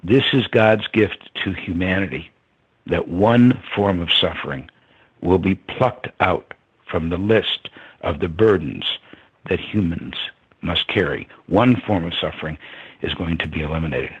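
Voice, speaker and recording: A man quoting an older Indian guru who speaks in slow, emphatic pronouncements, in a husky voice. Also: deep voice, heavily acted. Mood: urgent. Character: older Indian male guru, playful yet commanding. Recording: dull lo-fi sound.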